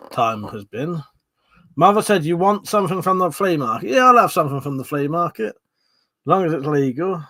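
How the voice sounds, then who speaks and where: A man's voice: medium pitch, fairly bright tone, no echo. A man with a Southern English accent hosting a casual live stream, swearing freely, bantering and reading out viewer comments. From Southern England.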